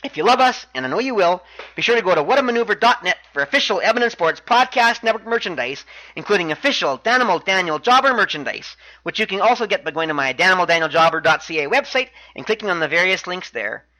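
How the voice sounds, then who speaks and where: A man's voice: high-pitched, expressive, quick pace, sharp tone, rough recording. A man hosting a podcast, recapping wrestling matches in a chatty way with wry asides. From Canada. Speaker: podcast host.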